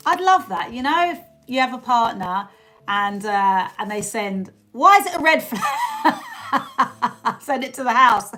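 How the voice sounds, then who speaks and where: A woman's voice: on the high side, a bit bright. Chatty British woman streamer. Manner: chatty, laughing, thanks viewers by name. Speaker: livestream host. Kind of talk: casual live-stream chat with viewers.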